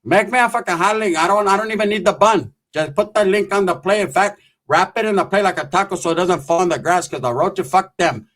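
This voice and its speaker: A man's voice: high-pitched, fast talker, fairly bright tone. A man voicing his fussy older father, giving orders about food. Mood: bossy. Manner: bossy, fussy. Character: demanding older man, the narrator's dad.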